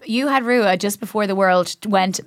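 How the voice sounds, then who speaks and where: A woman's voice: medium pitch, moderate pace, no echo. A woman hosting a podcast, chatting in a bubbly, giggly way. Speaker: podcast host. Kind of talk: casual chat.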